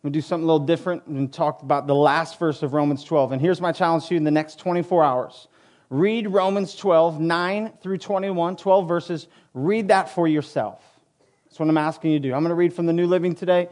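A man pastor preaching a sermon in a church, moving from quiet prayer to impassioned teaching. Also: fairly high pitch, fairly even intonation, a little fast. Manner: prays softly, then preaches with rising intensity. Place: church sanctuary.

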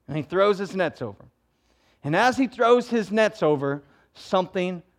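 A man with a strikingly high voice delivers a sermon. He talks to his listeners like a friend, leaning hard on key words and throwing questions back at them. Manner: conversational, emphatic preaching with rhetorical questions. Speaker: pastor.

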